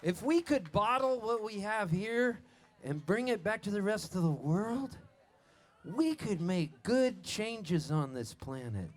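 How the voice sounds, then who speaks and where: Taking his time, a high-voiced Canadian singer-songwriter jokes and tells stories between songs at an outdoor festival, his intonation lively as he laughs at his own punchlines. A band plays softly in the background. Captured from his stage vocal mic on the soundboard, the recording carries a faint hiss or hum.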